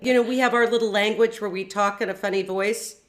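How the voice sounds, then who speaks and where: A woman's voice: mid-range voice, fairly even intonation, brisk. A woman on a reality show aftershow, telling stories in a rambling, giggly way. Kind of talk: casual chat.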